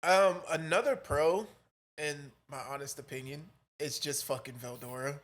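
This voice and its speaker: A young man co-hosting a casual anime podcast, excitable, laughing often and swearing freely. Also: fairly high pitch, moderate pace. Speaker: podcast co-host.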